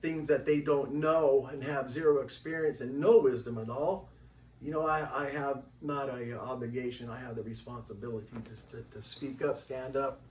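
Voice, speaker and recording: A man's voice: steady tone, normal speed. Man from Washington State, rambling storyteller, roomy room, mic at a distance, faint background hum. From Washington State, USA. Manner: loose, repetitive, full of "you know"; acts out quoted voices in a higher pitch. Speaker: interview guest, tribal member.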